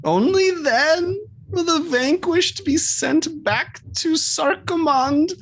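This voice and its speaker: A woman voicing a strange, formal male creature that speaks in slow, archaic phrases. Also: very high voice, slight background noise, pitched above the performer's own voice, heavily acted. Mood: solemn. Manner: grandiose, slow archaic speech. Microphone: video call.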